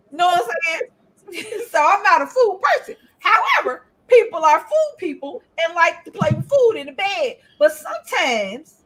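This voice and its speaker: Lively high-voiced woman, blunt and profane. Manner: blunt, profane, laughs often. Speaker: co-host. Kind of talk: casual chat.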